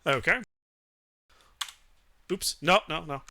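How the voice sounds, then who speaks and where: A man's voice: on the high side, expressive, slow, bright, forceful tone, slight background noise. A man acting as dungeon master, calling out rolls and damage on a live stream. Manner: calls out rolls and damage, laughs easily. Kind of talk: running a tabletop game on a live stream.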